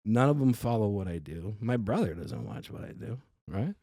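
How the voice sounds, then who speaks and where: A man's voice: lowish voice, moderate pace, dry recording, clean studio sound. A man, a guest comedian telling stories in casual podcast chat, acting out quotes and swearing freely. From Staten Island, New York. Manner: animated storyteller who acts out quotes and swears freely.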